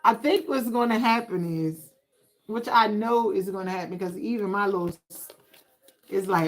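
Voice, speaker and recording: Speaking at a moderate pace in a medium-pitched voice, a woman gives a tarot reading on a laid-back livestream. She's talkative and sassy, addressing viewers directly in a conversational flow, though the recording is rough.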